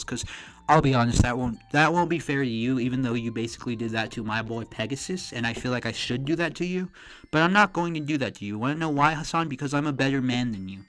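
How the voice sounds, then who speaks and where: A man's voice: medium pitch, quick pace, fairly bright tone, poor audio. A man streaming a reaction, ranting with heavy profanity and mocking the people he criticizes.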